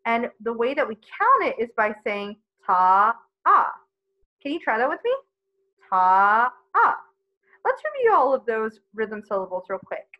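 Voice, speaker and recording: Woman music teacher, high voice, patient explaining, lo-fi recording. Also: sing-song, normal speed. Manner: friendly, explanatory, reviewing step by step. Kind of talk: children's music lesson. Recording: dull lo-fi sound.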